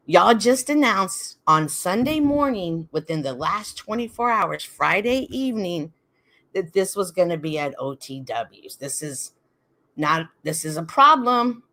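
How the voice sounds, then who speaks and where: A woman hosting a livestream, talking to her viewers in an animated, dramatic way and often laughing as she reacts. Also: on the low side. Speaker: host.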